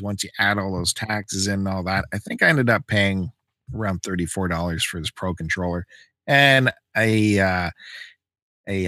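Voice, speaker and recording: A deep-voiced man hosting a podcast spins a story in relaxed chat, animatedly voicing the people involved. The audio is clean studio sound with no echo.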